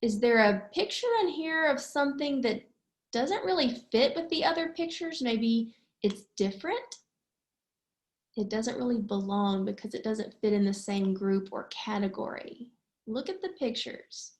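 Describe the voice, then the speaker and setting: Slow, patient woman teaching small children. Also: a little high, echoey room. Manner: patient, sing-song, drawn-out clapped words. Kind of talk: slow, clear lesson for young children.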